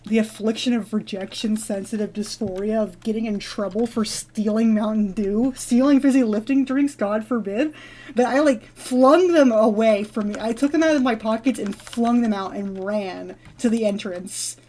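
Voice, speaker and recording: A woman's voice: fairly high pitch, moderate pace, dark tone, a little hiss or hum. A woman vlogger telling a long story in a casual, rambling, giggly way while she plays a game. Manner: rambling, giggly, with many fillers and restarts. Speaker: gaming vlogger.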